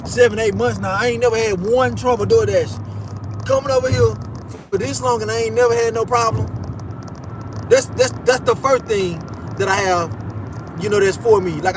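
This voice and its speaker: A young man telling a story in a casual, animated rant, swearing often and repeating himself. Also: high voice, background noise.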